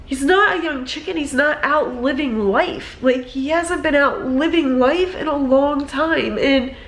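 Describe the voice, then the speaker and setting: A woman's voice: high-pitched, a little slow, echoey room. A young woman talking in a rambling, emotional way, filling her speech with "like" and "um", in a personal vlog. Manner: emotional, rambling, many fillers. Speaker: vlogger.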